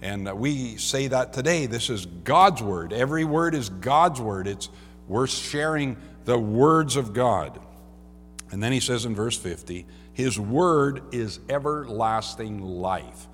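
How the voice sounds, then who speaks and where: A man preaching a sermon in a church, reading scripture and praying, swinging from loud cries to soft, low passages. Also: in a large hall. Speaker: pastor. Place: church sanctuary.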